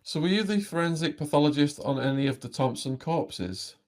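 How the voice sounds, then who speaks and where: A man's voice: fairly high pitch, animated, brisk. A man hosting an interview, asking direct and curious questions. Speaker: interviewer, podcast host.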